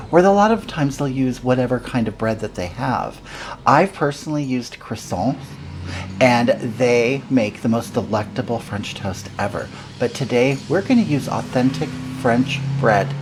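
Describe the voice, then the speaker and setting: A woman's voice: extremely low pitch, a little mellow, slight background noise, full character voice. A woman playing a dramatic, self-styled glamorous home cook who hosts a comedic cooking show and rambles in a sing-song, theatrical way.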